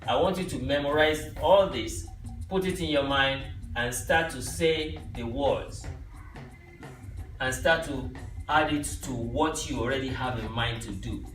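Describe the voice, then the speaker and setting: This language teacher has an unhurried, slightly bright mid-range voice as he patiently takes his young students through easy phrases. He checks in with "right?" again and again, and the audio comes from a distant mic in an echoey room with music underneath.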